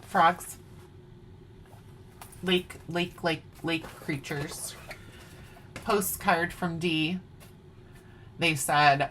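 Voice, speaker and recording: Wisconsin lady showing her stitching, low unhurried voice, faint hiss behind. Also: fairly even intonation, fairly bright tone. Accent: Upper Midwest American. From Wisconsin, USA. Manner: chatty, playful, sings snatches of songs. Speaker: cross-stitch vlogger. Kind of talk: casual show-and-tell chat. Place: home at night.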